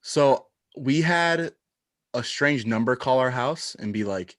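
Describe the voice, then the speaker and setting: Young dude on a chat show, acts out everyone's lines, dry close mic. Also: male voice, medium pitch, normal speed, dry recording. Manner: animated storyteller, acts out quoted voices. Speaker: podcast co-host. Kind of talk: casual chat.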